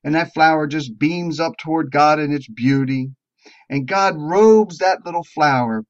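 A man preaching to a recovery group, telling a parable slowly and drawing out words with emphatic rises. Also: fairly high pitch. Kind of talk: sermon storytelling. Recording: dull lo-fi recording.

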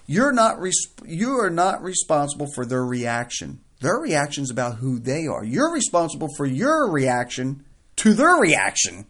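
Slightly high-voiced guy, gets riled up and emphatic, casual advice chat. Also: unhurried. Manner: excitable, emphatic, acts out example phrases. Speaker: co-host on family recovery.

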